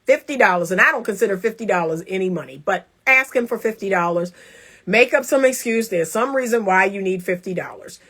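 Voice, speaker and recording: A woman relationship coach giving emphatic, animated advice to women, acting out little scenes with playful laughs. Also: mid-range voice, fairly quick. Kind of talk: casual advice talk to women.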